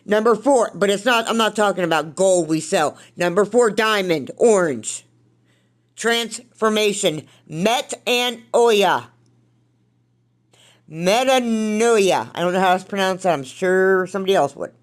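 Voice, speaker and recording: A woman hosts a podcast with an earnest spiritual self-help talk drawn from her own recovery, speaking in a mid-range voice at normal speed. She's candid and blunt, swearing now and then.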